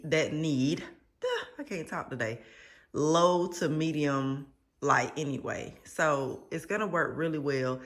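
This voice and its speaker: A woman's voice: low-pitched, fairly bright tone, no room sound. A woman vlogger chatting casually to her viewers, rambling and addressing them as y'all.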